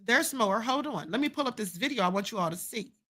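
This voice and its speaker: A woman's voice: on the high side, animated, fast talker. A woman hosting her own livestream, giving fiery commentary full of rhetorical questions and repeated lines for emphasis. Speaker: livestream host. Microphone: streaming setup mic.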